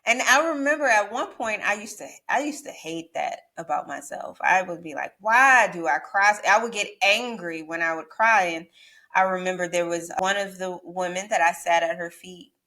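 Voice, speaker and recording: A woman's voice: on the low side, normal speed, pushed and bright. A woman hosting an interview podcast who speaks in a reflective, faith-minded and affirming way. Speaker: podcast host.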